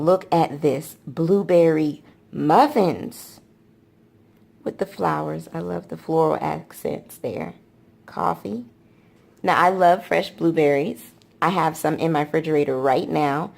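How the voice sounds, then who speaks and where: Low, gravelly-voiced woman vlogger. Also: darkish tone. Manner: chatty, gushing, repeats "I love". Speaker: planner vlogger. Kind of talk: casual product walkthrough.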